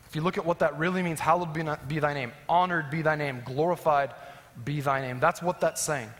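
A man preaching as a pastor, swinging between emphatic rising lines and soft, low endings. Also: fairly quick. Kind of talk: sermon. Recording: long hall reverb.

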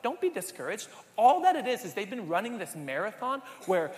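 A man's voice: high voice, wildly swooping pitch, a little fast, few pauses, big-room sound. A man pastor preaching a sermon in a conversational way, often asking the congregation questions.

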